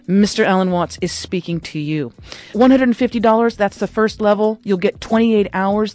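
A woman hosting a live radio fund drive, making an enthusiastic, chatty pledge pitch on a studio microphone. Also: darkish tone. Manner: enthusiastic, chatty, laughs often.

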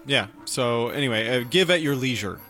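A man's voice: mid-range voice, expressive, normal speed, bright, forceful tone, soft background music. A man co-hosting a casual radio talk show, speaking in an easygoing, hesitant way and repeating words. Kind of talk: casual chat.

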